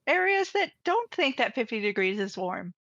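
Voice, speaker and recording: A woman's voice: a little high, big pitch swings, moderate pace, fairly bright tone, no echo, dull audio. A woman joining a casual podcast as a guest, wry and light in manner.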